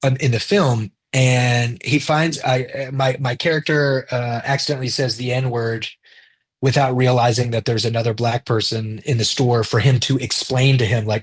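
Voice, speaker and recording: A man's voice: mid-range voice, normal speed. A man talking casually in an interview about directing his film, loose and chatty, swearing now and then and acting out what others said.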